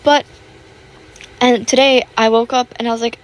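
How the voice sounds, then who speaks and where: A teenage girl chats away in a slightly high voice, rambling from one thought to the next with lots of fillers. She is self-conscious and apologetic, and her voice has a slight roughness to it. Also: level tone, normal speed. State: voice a little rough. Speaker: YouTuber. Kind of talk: casual chat over gameplay.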